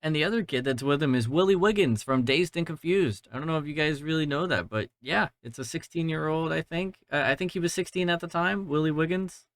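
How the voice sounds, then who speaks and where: Smooth-voiced young man, dry podcast mic. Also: fairly high pitch, a little fast, few pauses, fairly bright tone, no room sound. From Georgia, US. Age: 20s. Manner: rambling, profane, self-deprecating. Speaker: podcast host. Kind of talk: casual movie review monologue. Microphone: mounted podcast mic.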